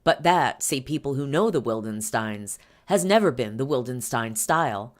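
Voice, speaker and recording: This female podcast host has a bass voice with lively intonation, speaking at normal speed with few pauses. Reading an article aloud, she keeps stopping for chatty, filler-laden asides between the read passages.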